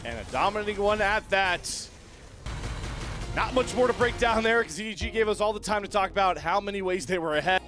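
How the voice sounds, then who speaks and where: A man giving excitable play-by-play commentary on an esports match. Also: sits high, music in the background. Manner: excitable, quick shifts in energy. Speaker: esports caster.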